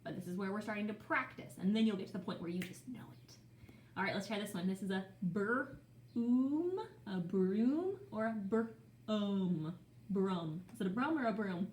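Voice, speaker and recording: A woman teaching young children phonics, sounding out words slowly in a playful, sing-song way. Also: medium pitch, darkish tone, reverberant, a little hiss or hum.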